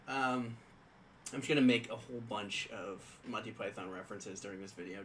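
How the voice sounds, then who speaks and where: A man's voice: mid-range voice, moderate pace, sharp tone, a little hiss or hum, low-quality recording. A man co-hosting a casual tabletop game podcast, reading rules aloud and chatting with many fillers. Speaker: podcast co-host.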